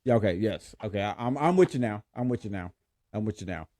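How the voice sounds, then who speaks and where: A male podcast host talks in a low, mellow voice. He sounds exasperated and rambles, repeating himself as he chats. The sound is close and dry. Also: animated, quick pace, no room sound. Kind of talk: casual podcast chat.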